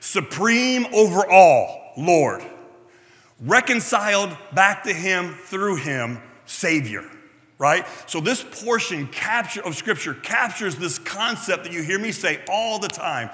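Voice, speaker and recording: Bright-voiced pastor preaching in a reverberant hall. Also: male voice, sits high, lively intonation, takes it slowly. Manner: conversational, asks the room "right?" often; self-deprecating asides. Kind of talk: sermon.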